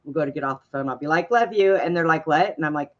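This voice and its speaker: A woman's voice: low voice, fairly even intonation, rapid-fire, muffled recording. A woman hosting a casual chat show, telling playful, jokey stories. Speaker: host.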